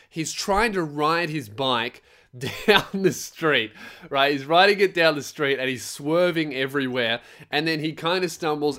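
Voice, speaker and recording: A young man hosting a podcast, telling stories in a profane, animated comic rant. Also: fairly high pitch. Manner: profane, animated storytelling with laughs. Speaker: podcast host. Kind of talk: casual comedic rant.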